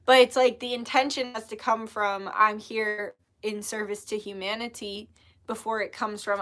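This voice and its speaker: A woman's voice: mid-range voice, fairly even intonation, moderate pace, a bit bright. A young woman giving a casual tarot reading, chatty and full of fillers. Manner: chatty, lots of filler "like", spiritual talk. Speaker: tarot reader.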